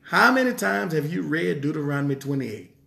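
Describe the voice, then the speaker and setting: A man's voice: a little high, expressive, brisk, vocal fry, bright, forceful tone. A man preaching a sermon in an emphatic style, repeating rhetorical questions. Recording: roomy echo.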